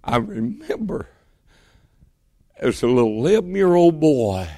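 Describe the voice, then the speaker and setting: A man from Georgia preaching a sermon, telling the story in a folksy way that swings between emphatic bursts and hushed, quiet moments. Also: on the high side, very animated, measured pace, dry recording.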